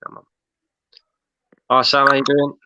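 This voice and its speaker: A man's voice: mid-range voice, monotone, measured pace, sharp tone, dry recording. A man hosting a fan livestream, talking in a weary, sighing way. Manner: weary, sighing, talks plainly. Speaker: stream host. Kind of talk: casual livestream chat. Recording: dry, dull lo-fi audio.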